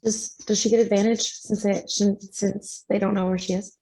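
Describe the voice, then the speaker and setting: A woman's voice: mid-range voice, little pitch movement, normal speed, mellow, poor audio. A woman playing a tabletop game, chatting casually and laughing often. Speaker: player.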